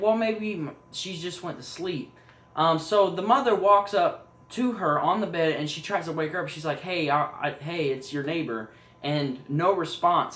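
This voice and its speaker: A man tells a horror story idea in a loose, rambling way, full of fillers and side remarks. His voice sits fairly high. The room around him rings with echo. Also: a bit bright. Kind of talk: casual spoken story retelling.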